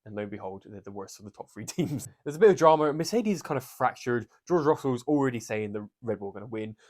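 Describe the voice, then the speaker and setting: A man's voice: medium pitch, animated, quick pace, a little mellow. A man co-hosting a podcast in casual chat, recapping with jokes and plenty of swearing. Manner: swearing, jokey, rambling recap. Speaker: podcast co-host.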